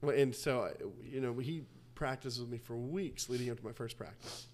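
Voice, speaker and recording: A man's voice: medium pitch, darkish tone. A young man co-hosting a podcast, chatting casually and eagerly, laughing often. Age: young adult. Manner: enthusiastic, quick to laugh. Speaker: podcast co-host. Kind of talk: casual chat.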